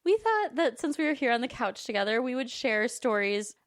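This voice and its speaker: A woman's voice: on the high side, big pitch swings, brisk. A woman co-hosting a podcast, chatting casually from a couch with giggly, sarcastic banter. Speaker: podcast co-host. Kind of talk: casual chat. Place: indoors on a couch.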